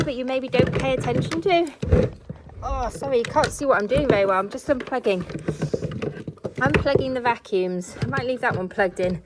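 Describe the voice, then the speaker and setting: Her voice sits high as this woman cleans her living room indoors, chatting casually to her viewers while she moves about the room. There's noise in the background.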